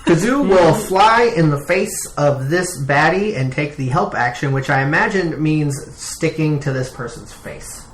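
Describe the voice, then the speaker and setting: A man's voice: fairly high pitch, lively intonation, measured pace, hardly any pauses. A man playing a tabletop game, chatting through the rules and his moves. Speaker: player. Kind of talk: casual tabletop gaming chat. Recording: echoey room, faint background noise.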